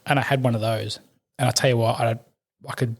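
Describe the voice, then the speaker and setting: Speaking in a steady, mid-range voice, this Australian podcast guest, middle-aged and both ex-army and a firefighter, tells war stories quickly and ramblingly, laughing as he goes in relaxed conversation.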